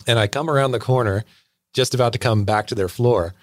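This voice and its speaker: Speaking a little fast in a mid-range voice, this co-host spins a meandering, laugh-filled anecdote packed with fillers. The recording is studio quality with no echo.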